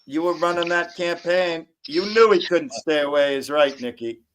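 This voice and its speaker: A man's voice: a little high, moderate pace, fairly bright tone. A man hosting a crude, casual live stream, teasing and rambling with profanity. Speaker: stream host.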